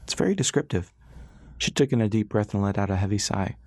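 Narrating an audiobook, a lowish-voiced man tells the story at a steady, measured pace. His recording is clean studio sound with no room sound.

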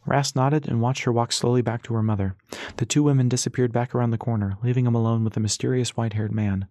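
A man's voice: fairly low pitch, steady tone, quick pace, a little mellow, dry recording. Man narrating an audiobook, dry sound. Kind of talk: scripted narration.

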